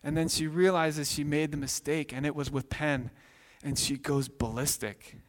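A man in his thirties, a pastor preaching a sermon with animated storytelling, acting out voices. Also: on the high side, moderate pace. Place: church sanctuary. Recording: long hall reverb.

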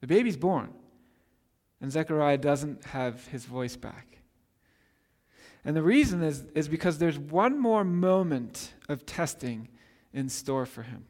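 A pastor delivers a sermon, his voice sitting a little high for a man. He tells the story with energy, slipping into the voices of the people in it. His words ring out with a long reverb, as if he is in a large church hall. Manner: animated storytelling, acting out quoted voices.

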